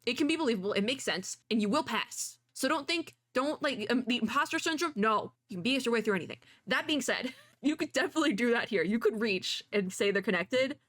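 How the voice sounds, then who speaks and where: A woman giving casual, excitable reaction commentary as a VTuber, chatty and gushing. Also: a little high, fairly quick. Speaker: VTuber reacting to an animated short. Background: faint music from the video.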